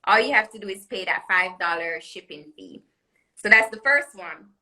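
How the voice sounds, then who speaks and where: A woman's voice: medium pitch, normal speed, bright, forceful tone, low-quality recording. A woman with a Caribbean accent, a jewelry designer chatting as a guest in a live online interview, laughing often as she promotes her products. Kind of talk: live social media interview. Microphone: phone or webcam on live video call.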